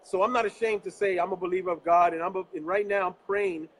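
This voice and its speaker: A man from New York hosts a live interview show. His voice sits high for a man. He speaks earnestly, with a preacher's conviction, from a location away from his office. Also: steady tone, quick pace, rough recording. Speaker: host.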